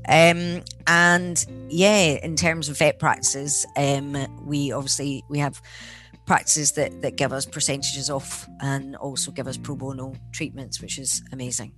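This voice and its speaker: A woman from Scotland, a guest being interviewed, giving upbeat answers and explaining practical details. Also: rumbling low. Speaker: guest, veterinary charity co-founder.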